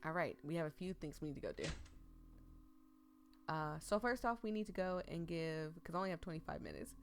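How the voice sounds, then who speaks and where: A woman's voice: low voice, brisk, soft background music. A woman hosting a let's play, chatting and reacting emotionally as she reads a story game.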